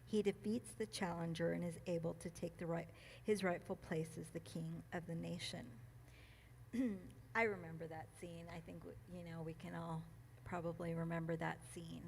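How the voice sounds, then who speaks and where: Her voice fairly low, even in intonation, creaky, and a little mellow, a woman reads a passage at a church gathering and reflects on it. She is emotional and quick to laugh, with many ums and restarts. The church meeting room recording carries a little hiss or hum.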